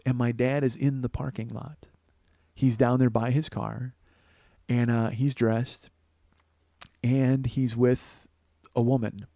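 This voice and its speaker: A man in his forties, a podcast host, telling a profane, animated comedic story. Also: medium pitch, no echo. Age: 40s. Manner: profane, animated, restarts often.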